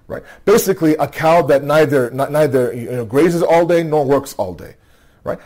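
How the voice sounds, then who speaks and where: Speaking to a nightly gathering, a weary religious speaker yawns as he tells a religious story at normal speed. His fairly high, darkish voice has lively intonation, and he talks conversationally, frequently restarting phrases and checking in with "okay?"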